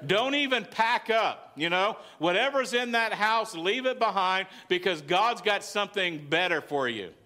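A male pastor with a Southern US accent preaches in an energetic, conversational way, punctuating his points with "amen." His voice sits high for a man and has a bright, forceful edge. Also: a little slow, hardly any pauses. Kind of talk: sermon. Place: church sanctuary.

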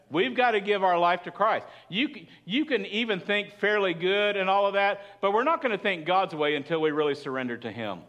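A man with a high, slightly bright voice preaches a sermon as pastor. He keeps it conversational, chatting and putting questions to the congregation.

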